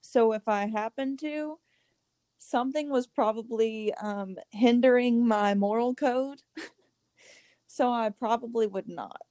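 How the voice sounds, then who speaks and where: A woman co-hosting a casual podcast chat, frank and quick to laugh, swearing freely. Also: fairly high pitch, dark tone, dry recording. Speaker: podcast co-host.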